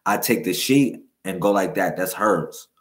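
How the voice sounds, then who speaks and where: A man hosting a livestream, giving a loose, repetitive spiritual teaching full of slang and shout-outs to viewers. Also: deep voice, a little slow. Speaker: livestream host.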